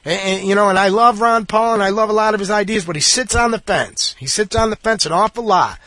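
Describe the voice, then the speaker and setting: A man with a high voice rants angrily, blunt and repetitive, swearing as he goes. His voice sounds dry and close to the mic, with no room around it. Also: brisk, pushed and bright, no room sound. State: angry. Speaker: political commentator. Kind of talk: angry monologue.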